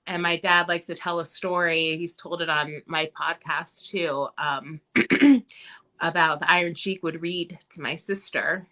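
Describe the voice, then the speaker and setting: A woman guest telling family stories in a casual interview, chatty with many pauses and fillers. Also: lowish voice. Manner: chatty, many ums, animated when quoting.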